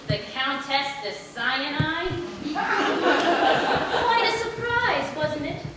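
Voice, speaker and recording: Woman doing a dry witty secretary, slow high voice, far off in an echoey noisy theater. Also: very animated, heavily acted. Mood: wry. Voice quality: dry and wry. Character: wry, sharp-witted young female secretary. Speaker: stage actor. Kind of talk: live stage play. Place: theater stage.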